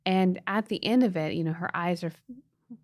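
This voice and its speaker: A middle-aged woman shares a heartfelt family story in an earnest, emotional voice and often restarts her sentences. Her voice sits a little low for a woman. She is recorded close and dry. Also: normal speed, darkish tone, dry recording. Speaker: podcast co-host, mother. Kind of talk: casual storytelling chat.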